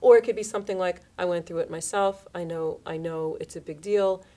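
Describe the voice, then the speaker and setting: A woman's voice: lowish voice, a little fast. A woman in her thirties or forties hosting a casual radio chat, acting out quoted lines in changing voices. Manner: animated, acts out quoted lines in shifting voices. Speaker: radio show host.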